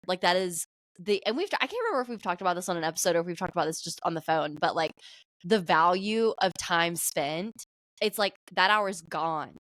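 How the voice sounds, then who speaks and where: A woman co-hosting a podcast in casual chat, relaxed and laughing easily. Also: fairly low pitch, no room sound, studio quality. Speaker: podcast co-host.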